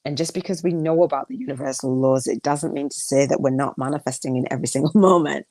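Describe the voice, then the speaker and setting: Low-voiced woman podcast host musing. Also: quick pace, dark tone, no room sound. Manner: rambling, with restarts and affirmations. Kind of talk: casual reflective solo podcast.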